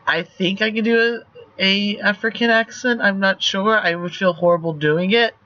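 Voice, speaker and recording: A man's voice: high-pitched, fairly even intonation, normal speed, pushed and bright, dry recording. A young man streaming a text game, reading story passages and chatting loosely with casual swearing. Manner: loose and profane, reads story text aloud. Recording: dull lo-fi stream mic.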